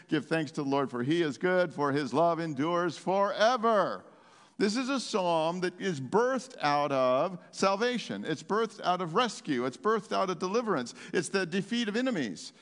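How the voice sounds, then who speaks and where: A man preaching a sermon in a church, exuberant and animated, rambling into asides and laughing often. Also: a little high, moderate pace. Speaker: pastor. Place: church sanctuary. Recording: long hall reverb.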